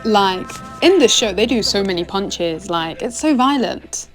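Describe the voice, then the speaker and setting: Chatty young woman, mid-pitched, rambles casually through an anime review, faint music underneath. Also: expressive, unhurried. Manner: rambling and chatty, full of "like" and "oh my gosh".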